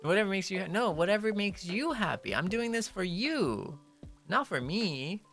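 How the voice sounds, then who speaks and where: A playful young man chatting on a stream who laughs easily and mixes two languages. His delivery is lively and swinging, with a slightly gravelly texture and quiet music in the background. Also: high voice, normal speed. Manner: playful, laughs often, switches between English and Japanese. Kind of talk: casual chat stream.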